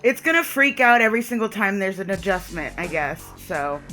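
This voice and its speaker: A woman's voice: medium pitch, very animated, fairly quick, hardly any pauses, sharp tone. A woman chatting casually and giggling as she plays through a story game, over faint music. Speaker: let's play gamer. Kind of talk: casual game commentary and reading narration.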